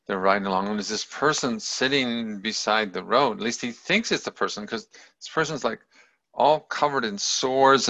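A man's voice: lowish voice, gravelly, bright, forceful tone. A man telling a story in a loose, rambling, casual way, in a dull lo-fi recording. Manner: loose and rambling, many fillers and restarts.

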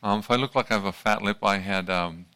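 A man giving an informal evening talk to a live audience, halting, with many fillers and restarts, his mouth still slightly numb from dental work. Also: on the low side, bright, forceful tone, clear, resonant tone.

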